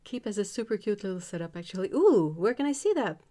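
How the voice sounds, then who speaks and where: A woman's voice: mid-range voice, sing-song, fast, mellow. Giggly French Canadian woman streaming. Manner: giggly, laughs often between sentences. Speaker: art livestream host. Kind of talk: casual livestream chat while painting.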